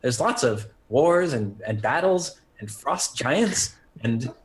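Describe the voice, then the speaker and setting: A man's voice: mid-range voice, expressive, slow pace, a little hiss or hum. A man playing a tabletop game, talking with enthusiasm. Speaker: player. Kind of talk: tabletop role-play.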